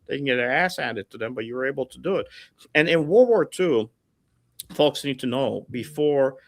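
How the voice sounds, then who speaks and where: A middle-aged man with a gravelly, rough-edged voice tells stories casually. He talks with energy, trails off into fillers and acts out the people in his stories. The sound is close and dry, with no room around it. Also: mid-range voice, lively intonation, normal speed, dry recording. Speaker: guest storyteller. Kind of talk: casual storytelling. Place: home setup over a livestream call. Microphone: remote call mic.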